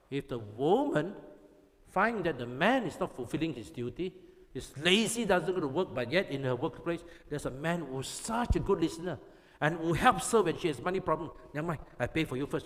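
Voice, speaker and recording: A pastor preaches in emphatic, repetitive bursts, constantly checking that his listeners follow. His voice sits fairly high for a man. The long reverb of a big hall trails after every phrase. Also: lively intonation, moderate pace. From Malaysia. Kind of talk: sermon to youth.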